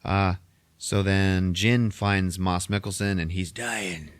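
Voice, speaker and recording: A man hosting a podcast, recapping a film in a casual, profane way and acting out the characters in quick voices. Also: sits low, clean tone, no room sound. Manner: animated retelling, heavy swearing, acts out characters in quick voices. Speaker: podcast host retelling a film.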